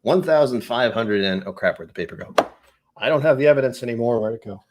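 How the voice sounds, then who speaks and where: Man, New England accent, chatty live-stream host, distracted, self-deprecating, animated pitch. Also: fast, background noise. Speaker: whiskey channel host.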